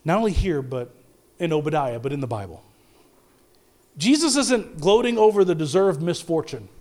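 A man preaching a sermon with passion, swinging from loud declarations to low, quiet lines, often stumbling and restarting. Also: big pitch swings, moderate pace. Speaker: pastor.

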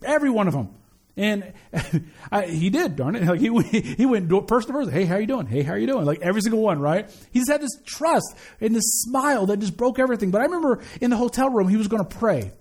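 A man's voice: high-pitched, expressive, fairly quick, husky. A man giving a conversational sermon as a pastor, earnest, repeating key phrases and often restarting his sentences. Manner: frequent stammered restarts.

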